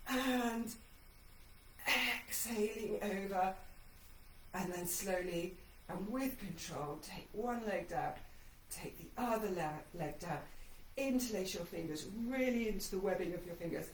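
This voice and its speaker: A fitness instructor calls out breathing cues during an ab workout she's doing herself, her voice slightly shaky and breathless from the effort as she encourages in time with her breath. Her voice is medium-pitched, a little slow and mellow. The recording is rough, reverberant and distant, with a touch of hiss or hum.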